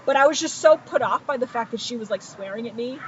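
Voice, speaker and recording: A woman's voice: fairly high pitch, quick pace, a crowd in the background. Sarcastic woman telling a story, muffled. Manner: animated, sarcastic, acts out quoted voices. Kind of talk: casual storytelling chat. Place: outdoors by a pool. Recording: muffled, noisy poolside recording.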